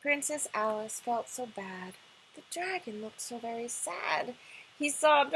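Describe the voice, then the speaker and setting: A woman librarian reading a picture book aloud at storytime in a gentle, expressive way. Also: high-pitched, unhurried, poor audio. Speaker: children's librarian.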